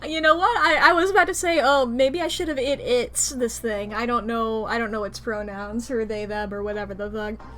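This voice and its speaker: A woman streamer giving animated, swearing, laugh-filled commentary while playing a game. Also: fairly high pitch, moderate pace, faint music behind. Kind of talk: casual let's-play commentary.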